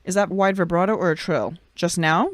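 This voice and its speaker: A woman reacting live to a song, talking with enthusiasm while she analyzes the singer's technique in a relaxed, chatty way. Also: on the low side, moderate pace, dry recording. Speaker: vocal coach reacting to music. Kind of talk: casual live reaction commentary. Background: song playing clearly.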